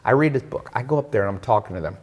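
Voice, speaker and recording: A man hosting an interview, telling a story in a casual, animated way. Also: mid-range voice, rapid-fire, slightly rough. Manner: animated, acts out quoted voices. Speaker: interview host. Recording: long hall reverb.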